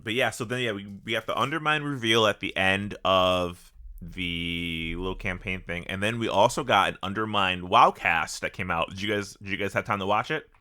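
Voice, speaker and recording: A man co-hosting a casual gaming podcast, expressive and swearing casually. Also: sits low, normal speed. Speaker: podcast co-host.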